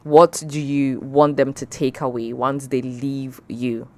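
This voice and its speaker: A woman's voice: extremely low pitch, fairly even intonation, takes it slowly, darkish tone. A woman hosting an interview, asking questions in a playful way and laughing often. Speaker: interviewer, host. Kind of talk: casual interview talk.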